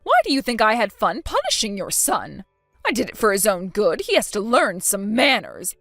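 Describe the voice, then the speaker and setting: With a mid-range, fairly bright voice that's very animated, a woman plays a spiteful, scheming grandmother in a texting story, sounding indignant, defensive, and self-pitying. The pace is moderate, and the clean studio sound has no room tone and soft background music.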